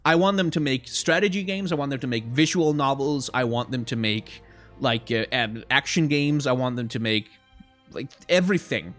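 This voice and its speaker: A young man from Denmark with a faint Danish accent, chatting casually on a live stream and reading out donations, excitable and swearing freely. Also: mid-range voice, moderate pace, faint music behind.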